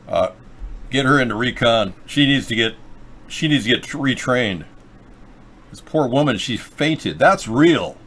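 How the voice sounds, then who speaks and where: A man's voice: medium pitch, lively intonation, a little slow, fairly bright tone. Sarcastic male livestream host. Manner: sarcastic, joking, rambling. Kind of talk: rambling political livestream chat.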